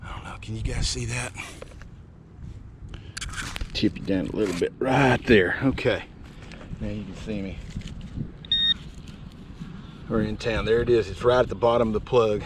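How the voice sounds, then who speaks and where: Man, casual outdoor vlog, excitable and repetitive, camera mic, faint street noise. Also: fairly low pitch, normal speed, pauses often. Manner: excitable, exclaims and repeats himself. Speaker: metal detecting vlogger. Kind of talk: casual vlog narration while digging outdoors. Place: outdoors in a town yard, rainy day.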